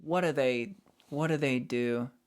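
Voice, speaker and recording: A man's voice: mid-range voice, measured pace, clean tone. A man streaming, chatting casually with his viewers and greeting them as he reads the chat. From United States.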